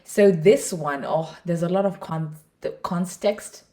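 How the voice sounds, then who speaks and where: A woman's voice: fairly low pitch, unhurried, dark tone, reverberant. A young woman hosting her own podcast, chatting playfully and reading her poem aloud. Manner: chatty, playful, self-mocking. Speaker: podcast host. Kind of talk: casual podcast chat and poetry reading.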